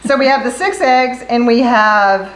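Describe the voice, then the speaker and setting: A woman's voice: fairly high pitch, lively intonation, measured pace, echoey room, rough recording. A woman co-hosting a casual home cooking video in her kitchen, chatty and joking. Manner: chatty, jokes with mock accents. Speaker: cooking show co-host.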